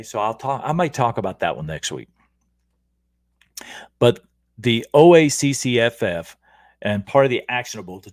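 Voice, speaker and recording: A man's voice: medium pitch, no echo. A middle-aged man hosting a casual livestream, energetically coaching viewers on leadership and often checking in with "okay?". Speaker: leadership coach and show host.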